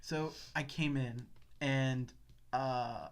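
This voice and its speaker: A man's voice: mid-range voice, fairly even intonation, drawn-out words. A man in his twenties, co-hosting a podcast, telling a story in casual chat, laughing often and mimicking people as he goes. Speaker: podcast co-host.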